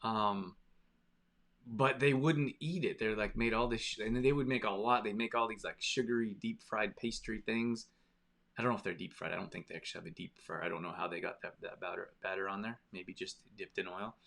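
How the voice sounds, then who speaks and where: A man's voice: lowish voice, fairly even intonation, a little fast, creaky, fairly bright tone. A man hosting a live stream, chatting casually with viewers and telling a rambling story. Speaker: live stream host reading viewer comments. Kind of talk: casual chat.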